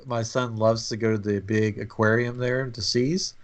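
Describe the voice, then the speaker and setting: A man's voice: medium pitch, little pitch movement, moderate pace. Chatty man telling a trip story. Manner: rambling, chatty storytelling with many fillers. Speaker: podcast co-host. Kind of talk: casual trip-story chat.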